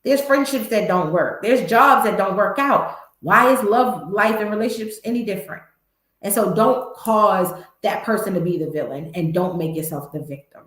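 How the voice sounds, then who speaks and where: A woman's voice: mid-range voice, moderate pace, a bit bright. Candid woman with an echoey sound. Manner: candid, emphatic, talks straight to viewers. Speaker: host. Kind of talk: motivational vlog talk.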